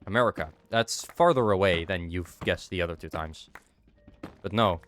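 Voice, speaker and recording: A young man from the Netherlands chats loosely with his stream chat while he plays. His voice sits very low, and a cold has left his nose stuffed. Faint music plays underneath. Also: normal speed, fairly bright tone. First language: Dutch. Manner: chatty, answers chat while playing. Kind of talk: casual chat while gaming.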